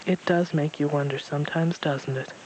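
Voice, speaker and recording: Old male stranger in a storybook, calm, reflective, a bit wry; a man voices him. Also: a little high, normal speed, slight background noise, lightly acted, poor audio. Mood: wise. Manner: calm, reflective, lightly mocking. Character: wise, gently amused old man stranger.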